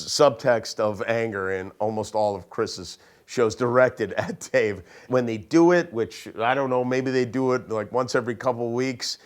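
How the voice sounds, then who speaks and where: A man recalls old stories in a casual, animated way. His voice sits at an everyday middle pitch. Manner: animated anecdotal storytelling. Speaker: interview guest. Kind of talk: casual reminiscing.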